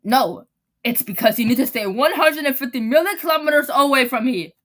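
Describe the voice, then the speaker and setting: A woman's voice: high-pitched, fairly quick, fairly bright tone. A woman voicing a cocky, rude male hedgehog from a game, delivering insulting punchlines. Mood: smug.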